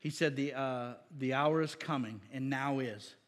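A man's voice: mid-range voice, a little slow, big-room sound. A man preaching a sermon as a pastor, conversational and emphatic, with frequent restarts and rising bursts of emphasis.

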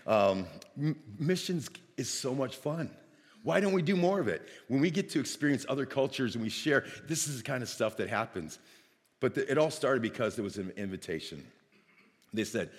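A man from Northeast Ohio preaching a sermon, telling a lively personal story and acting out the dialogue. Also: lowish voice, brisk, in a large hall. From Northeast Ohio, United States.

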